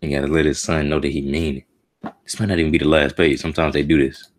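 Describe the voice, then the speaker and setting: A man with an extremely deep, low voice gives an emotional, slang-heavy live reaction as he reads through a comic chapter. He mutters his thoughts to himself in a loose, casual way. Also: little pitch movement, fast talker. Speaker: streamer reacting to a manga chapter.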